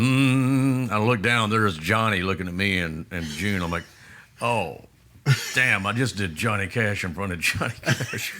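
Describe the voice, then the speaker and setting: A man with a Texas accent, telling a rambling story as a guest in a casual interview, with many halting restarts. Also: deep voice, bright, forceful tone. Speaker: musician guest.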